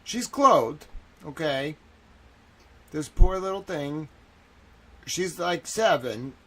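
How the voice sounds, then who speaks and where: A man hosting a live reaction stream, swearing freely and swinging between low mutters and loud exclamations. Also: lively intonation, slow pace, a little hiss or hum.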